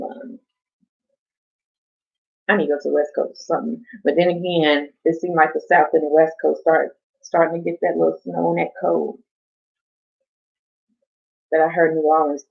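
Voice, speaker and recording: A woman's voice: low-pitched, creaky, husky. A woman hosting a casual live stream from home, rambling, chatting to viewers and swearing casually. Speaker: livestream host. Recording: dull lo-fi stream audio.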